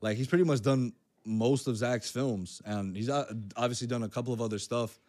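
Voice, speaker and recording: A man co-hosting a podcast in casual chat, talking fast and loose with lots of slang and fillers. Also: mid-range voice, steady tone, dark tone. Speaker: podcast co-host.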